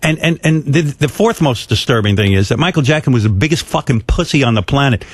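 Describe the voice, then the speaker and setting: A man's voice: medium pitch, expressive, quick pace, hardly any pauses, no room sound. A man radio host ranting bluntly with heavy profanity and scorn. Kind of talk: talk show rant.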